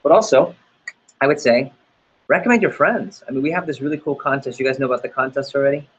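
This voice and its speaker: A man's voice: medium pitch, fast, slightly rough, lo-fi sound. A man leading a sales team training talk, upbeat and motivational, acting out little dialogues as he goes. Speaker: sales office manager.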